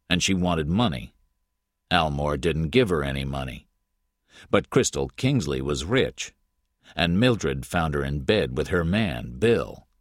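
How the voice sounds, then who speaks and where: A man narrating an audiobook in the first person, clipped and deliberate. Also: sits low, no echo, studio quality.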